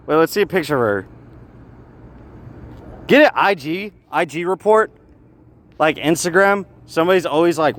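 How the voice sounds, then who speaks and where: A man rambling in a street vlog, laughing and breaking into shouted bursts. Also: a little high. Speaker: vlogger. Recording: faint street noise outdoors.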